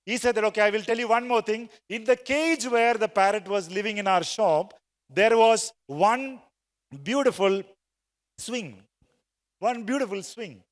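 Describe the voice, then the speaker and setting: A man's voice: high voice, a little slow. A man giving a motivational sales talk to a live audience in a large conference hall, telling a story and getting the crowd to answer aloud. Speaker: sales trainer speaking at a conference. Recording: long reverb of a big hall.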